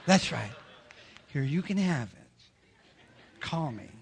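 A man, the pastor, acting out a tipsy man flirting at a bar in a low, soft voice. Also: very animated, takes it slowly, gravelly, slight background noise, exaggerated voice. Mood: flirty.

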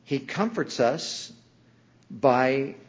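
Husky man preaching earnestly. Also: medium pitch, animated, extremely slow, muffled recording. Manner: earnest preaching, acting out quoted voices. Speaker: pastor. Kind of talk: sermon.

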